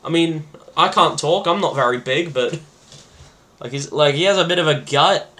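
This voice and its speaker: Bright-voiced man rambling. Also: on the high side, moderate pace. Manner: rambling, filler-heavy, excitable. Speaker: podcast host. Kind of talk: casual solo podcast chat.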